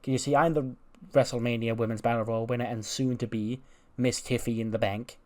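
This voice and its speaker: A man's voice: medium pitch, steady tone, a little fast, a little mellow, close to an everyday voice. A man voicing a vain, condescending female wrestling champion who brags about her wins. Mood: smug. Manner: condescending, bragging.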